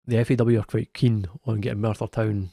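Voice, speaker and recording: This football podcast co-host has a gravelly, warm voice on the low side and a flat delivery. He chats casually, keeps restarting his sentences, corrects himself and laughs quickly; the sound is clean studio audio with no echo.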